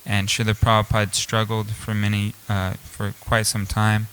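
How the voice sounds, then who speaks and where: A man's voice: lowish voice, completely flat delivery, moderate pace, fairly bright tone, a little hiss or hum, low-quality recording. A man giving a storytelling scripture class at a temple, speaking casually with many fillers and restarts. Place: temple hall.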